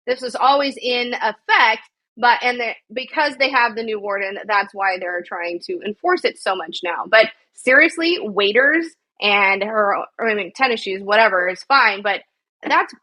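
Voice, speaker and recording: A woman's voice: on the high side, pushed and bright, low-quality recording. A woman co-hosting a podcast, recounting a news story in a rambling, indignant way with frequent swearing. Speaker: podcast co-host. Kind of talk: casual news chat.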